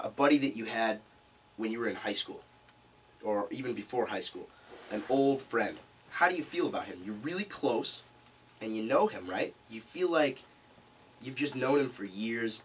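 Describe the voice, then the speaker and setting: A man presenting a live seminar to a small group, animated as he demonstrates different speaking tones. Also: medium pitch. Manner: animated, demonstrates vocal tones while explaining. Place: meeting room. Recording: distant mic with faint room noise.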